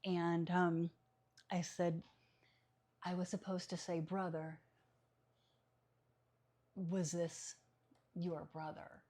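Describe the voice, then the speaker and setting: A woman psychic medium tells a story as a podcast guest in casual conversation, speaking very slowly with frequent pauses. Her voice is fairly low, and she stays animated, laughing a lot and acting out quoted voices.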